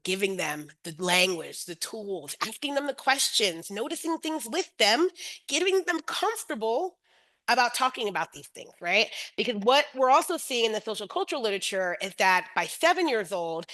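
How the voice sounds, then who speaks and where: Bright-voiced woman presenting a webinar. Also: medium pitch, poor audio. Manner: engaged, often checks in with "right?". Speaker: webinar presenter and teacher educator. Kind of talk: educational webinar talk.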